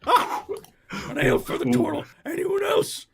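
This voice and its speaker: A man voicing a large gray female troll barmaid, brusque and exasperated, in a high voice. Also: wildly swooping pitch, moderate pace, fairly bright tone, full character voice.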